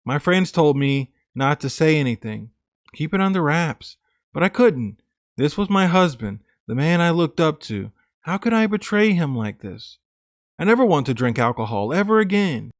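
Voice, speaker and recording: A man with a fairly high voice reads a woman's confessional story aloud in the first person. His delivery is earnest and plain, like a scripted narration, and the sound is close and dry. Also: big pitch swings, normal speed, no echo.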